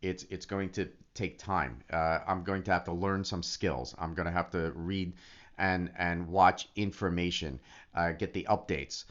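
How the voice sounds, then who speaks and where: A man talking casually in a vlog, excitable and animated, often restarting his sentences. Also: sits low, measured pace. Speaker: affiliate marketer. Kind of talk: casual vlog talk to camera. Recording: dull lo-fi recording.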